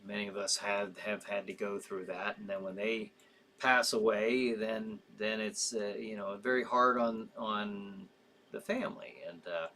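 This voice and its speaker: A man's voice: lowish voice, fairly even intonation, measured pace, sharp tone. A man hosting a live show in casual chat, reading out viewer comments with sympathy, rambling with frequent fillers and easy laughs.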